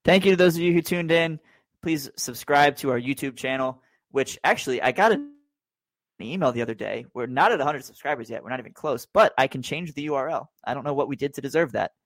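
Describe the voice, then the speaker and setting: A man hosts a casual sports podcast, relaxed and easygoing as he rounds things off. His voice sounds dry and close, with no room around it. His pitch is medium for a man. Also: a little fast, no room sound. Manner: easygoing, brings the show to a close. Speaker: podcast host.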